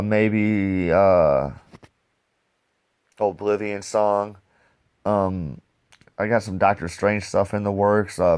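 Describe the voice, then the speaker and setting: A man casually reviewing comic books in a loose, slangy, excitable way. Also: on the low side, clean tone.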